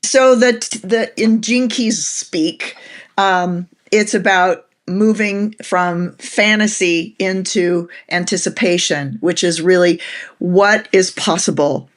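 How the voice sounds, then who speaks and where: A woman life coach and guest on a podcast, explaining ideas in a measured way with some fillers. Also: lowish voice. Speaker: human design coach, guest. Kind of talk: casual interview conversation.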